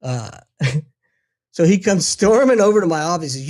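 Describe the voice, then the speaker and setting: A man's voice: on the high side, animated, unhurried, long pauses, a little mellow. A middle-aged man telling a profane war story in casual chat, acting out the quotes.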